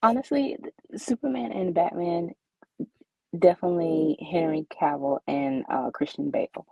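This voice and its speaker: A woman's voice: lowish voice, moderate pace, vocal fry, a little mellow, slightly rough, no room sound, lo-fi sound. A woman co-hosting a casual comic book podcast, making short, hesitant remarks. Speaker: podcast co-host.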